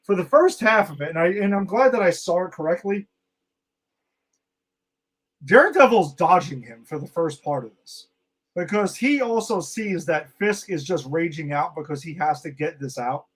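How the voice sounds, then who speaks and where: A man co-hosting a podcast, excitedly reviewing a TV episode in casual chat, swearing freely and acting out quoted lines. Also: sits high, normal speed. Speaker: podcast co-host.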